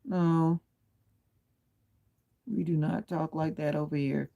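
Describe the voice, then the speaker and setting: Reclining at home with pillow and comforter, this livestream host works through viewer comments individually, staying firm yet courteous about keeping things clean. He speaks slowly and fairly evenly in a voice on the high side, warm with vocal fry, though the recording sounds muffled.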